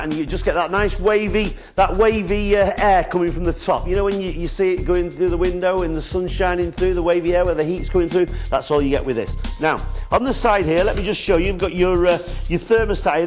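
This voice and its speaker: Casting: middle-aged northern English shopping-channel host, high voice, chatty patter, faint music behind. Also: male voice. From northern England. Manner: chatty, repeats words, addresses viewers as folks. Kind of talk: live TV sales pitch.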